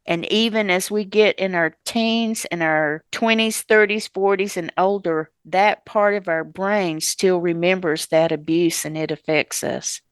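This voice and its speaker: A woman hosting a casual interview, speaking in an unhurried way and reacting with sympathetic exclamations. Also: lowish voice, steady tone, clear, resonant tone, dry recording. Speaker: host.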